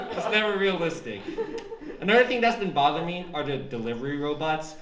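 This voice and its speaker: A man's voice: fairly high pitch, animated, brisk, crowd noise. A young man performing stand-up at a college open mic, with a loose, rambling delivery that breaks into shrieking character voices. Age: young adult. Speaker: stand-up comic. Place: college club stage. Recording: echoey room with loud audience.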